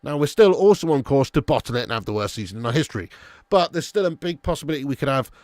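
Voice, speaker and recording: A man's voice: medium pitch, expressive, racing, a little mellow, no room sound. A young man hosting a live football watch-along stream, chatting casually with viewers and swearing now and then. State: a little sleepy.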